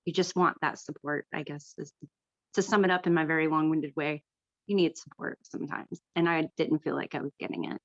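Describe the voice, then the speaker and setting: A woman's voice: low-pitched, steady tone, brisk, dry recording. A woman telling a candid personal story in an online workshop, earnest and frank, with many fillers. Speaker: workshop participant. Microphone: video call. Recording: dull lo-fi video call audio.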